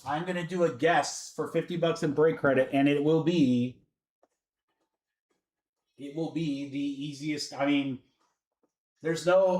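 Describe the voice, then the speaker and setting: Chatty high-voiced man hosting a card break. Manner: chatty, calls out names and teams quickly. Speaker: sports card break host. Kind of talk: casual livestream chat. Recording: echoey room with faint music. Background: faint background music.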